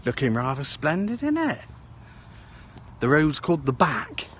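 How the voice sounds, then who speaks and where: Out walking in a small town, a vlogger keeps up rambling, casual chatter punctuated by tag-question "eh?"s. He speaks at normal speed in a mid-range, fairly bright voice with lively intonation, over slight background noise.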